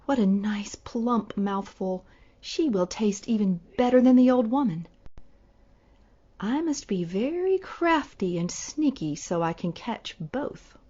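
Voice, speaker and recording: A woman voicing a sly, hungry male wolf who coaxes and flatters in a storybook reading. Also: a little high, measured pace, highs cut off, heavily acted. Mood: greedy. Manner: smooth, persuasive, sly.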